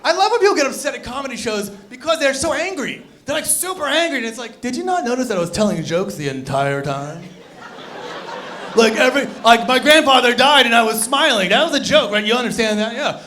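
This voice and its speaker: High-voiced man doing stand-up. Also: a little hiss or hum. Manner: animated, swings between loud bursts and low mutters. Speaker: stand-up comedian. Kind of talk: stand-up comedy set. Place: comedy club stage.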